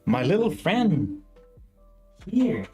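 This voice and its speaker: Slow, rambling male stream host. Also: a little high, huge pitch swings, darkish tone, soft background music. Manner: rambling, self-correcting, chatty with viewers. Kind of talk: casual live-stream chat.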